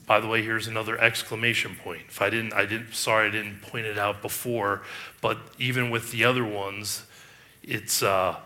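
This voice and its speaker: Male preacher with a bright, forceful voice; emphatic sermon delivery with restarts. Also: fairly low pitch, little pitch movement, moderate pace. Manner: emphatic, rhetorical questions, frequent restarts. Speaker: pastor.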